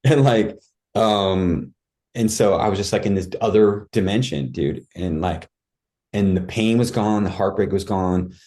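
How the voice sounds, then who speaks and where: Man, podcast guest, casual storytelling, low warm voice, acts out his own reactions. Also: measured pace. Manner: vivid, acts out his own cries and thoughts, says "dude" and "like" a lot.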